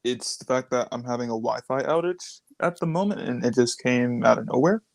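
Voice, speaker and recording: A man's voice: medium pitch, expressive, a little fast, gravelly, no echo. Joking co-host man on a dry call. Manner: joking, playfully defensive. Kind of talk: casual live-stream chat. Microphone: phone on mobile data.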